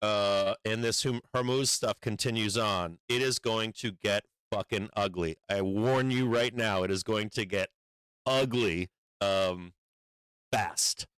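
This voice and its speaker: A stock market streamer gives casual livestream commentary in a slow, lowish voice with a fairly bright, clean tone. He's blunt and profane, rambling with lots of fillers and urgent warnings. The recording is low quality but has no echo.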